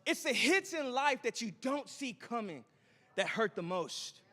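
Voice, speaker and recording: Male pastor, high tenor, joking storyteller, long hall echo. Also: sing-song, pushed and bright. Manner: chatty and joking, quick asides to the crowd. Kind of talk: sermon with a storytelling opening. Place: church auditorium.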